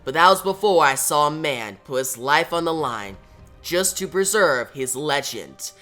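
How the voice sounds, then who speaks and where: A man's voice: a little high, animated, a little slow, pushed and bright, soft background music. A man reading the lines of a veteran male space-cop hero from a comic, in nearly his own voice. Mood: approving. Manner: reads lines in near-own voice.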